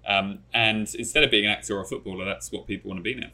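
Co-host from England, lowish pitch, crisp bright tone, quick quips. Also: male voice, steady tone, a little hiss or hum. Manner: quick, teasing interjections. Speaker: podcast co-host. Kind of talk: casual interview chat.

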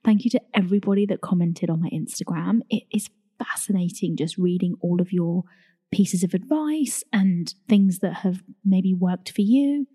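Woman, young podcast host, chatty and confiding, low warm voice, slightly breathy, reverberant sound. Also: normal speed. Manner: chatty, confiding, calls listeners darlings. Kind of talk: casual solo podcast chat.

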